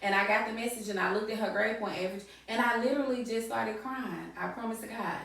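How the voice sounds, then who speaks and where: A woman's voice: on the high side, quick pace, creaky. Echoey, laughing woman podcast host. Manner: animated, laughs often, repeats words for emphasis. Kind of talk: casual podcast chat. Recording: echoey room, distant mic.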